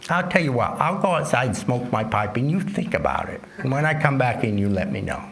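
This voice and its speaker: A man's voice: mid-range voice, expressive, fairly quick, gravelly, a bit bright, slight background noise. A man voicing a big, cunning woodcutter who feigns innocence in a told folk tale. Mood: sly. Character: big strong cunning woodcutter, cheerful and sly.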